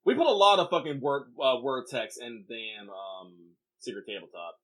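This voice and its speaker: A man co-hosting a podcast in casual chat, rambling and animated, swearing offhandedly and often restarting his sentences. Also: mid-range voice, normal speed, no echo. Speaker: podcast co-host.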